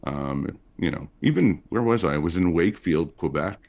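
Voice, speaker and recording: A male comedian from Montreal chatting as a podcast guest, telling stories in a loose, lively way with lots of fillers. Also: normal speed. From Montreal, Canada. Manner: chatty storyteller with lively pitch swings. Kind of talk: casual interview chat.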